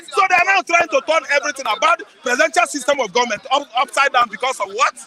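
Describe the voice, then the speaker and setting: A man's voice: very high voice, rapid-fire, hardly any pauses, a crowd in the background, rough recording. A man with a Nigerian accent giving heated political commentary as a guest, emphatic and repetitive, pressing the listener with rhetorical questions.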